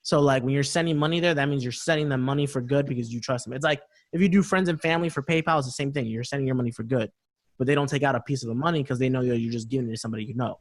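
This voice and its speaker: A man's voice: medium pitch, rapid-fire. A man co-hosting a casual podcast chat, telling a story in loose slang and acting out both sides of a conversation. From United States. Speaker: podcast co-host.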